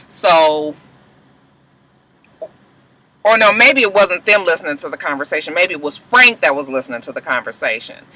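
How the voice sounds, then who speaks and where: A woman's voice: on the low side, bright, forceful tone, poor audio. A woman, animatedly recapping a TV episode and acting out the characters' lines. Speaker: TV recap vlogger.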